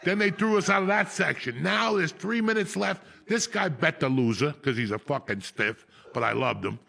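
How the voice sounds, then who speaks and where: A man, hosting a podcast and telling a profane, animated story. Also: on the high side, normal speed, gravelly. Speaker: podcast host. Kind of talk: storytelling chat.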